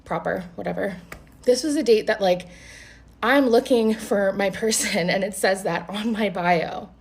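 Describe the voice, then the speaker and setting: A young adult woman vlogger telling a casual story in a blunt, animated way, swearing freely. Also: mid-range voice, a little slow.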